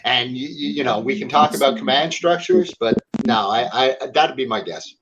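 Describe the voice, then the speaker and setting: A man's voice: mid-range voice, moderate pace, dull audio, background noise. A man moderating a casual discussion, speaking bluntly.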